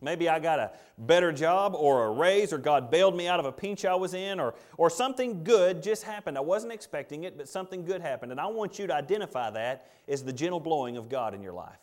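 Male preacher, conversational sermon delivery, slightly higher voice, acts out scripture voices. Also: expressive, fairly quick, hardly any pauses.

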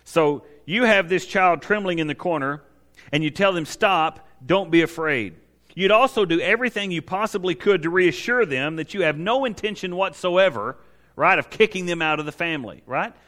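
A pastor preaching with a high, bright, forward voice. He drives his points home with emphatic rhetorical questions and speaks for God in the first person, pleading and reassuring his congregation. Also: expressive, brisk. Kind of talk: sermon.

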